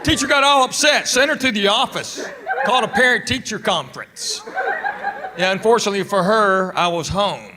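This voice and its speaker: A middle-aged man performing stand-up comedy, telling family stories in a deadpan way with pauses before punchlines. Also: sits high, heavy background noise. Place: comedy club stage. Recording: live stage audio with audience laughter. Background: audience laughter.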